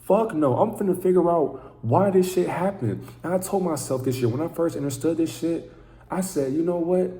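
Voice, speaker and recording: A man's voice: on the high side, normal speed, dark tone, echoey room. A man giving an intense, profane, preaching monologue to camera as a vlogger.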